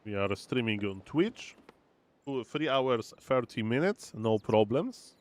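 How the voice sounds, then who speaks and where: A playful, chatty male esports caster speaks slowly in a medium-pitched voice with lively intonation. He provides casual game commentary on a live stream, exclaiming and reading the chat aloud.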